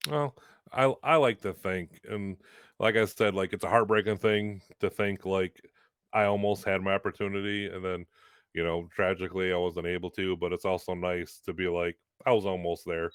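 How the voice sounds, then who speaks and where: Low-voiced man telling a rambling story. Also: steady tone, normal speed, smooth, dry recording, studio quality. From Western New York, US. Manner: rambling, heavy use of "like". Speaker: guest, pro wrestler. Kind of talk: casual storytelling chat.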